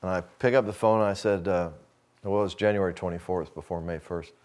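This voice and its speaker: A middle-aged man, preaching in a folksy, storytelling way and acting out dialogue, dropping to a hush for quoted lines. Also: low-pitched, fairly even intonation, fast. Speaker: speaker addressing a men's gathering. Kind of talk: sermon with personal story.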